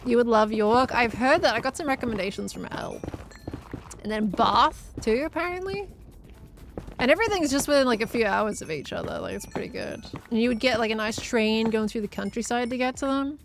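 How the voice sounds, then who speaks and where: A woman's voice: on the high side, expressive, fairly quick, creaky, slight background noise. An Australian woman from Victoria chatting casually on a gaming live stream, laughing often and answering chat as she plays.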